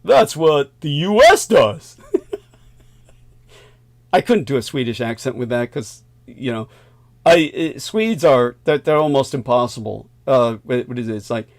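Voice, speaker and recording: A man's voice: mid-range voice, expressive, measured pace, long pauses, darkish tone. A male host delivering a long current-affairs monologue, emphatic, with sardonic asides and chuckles.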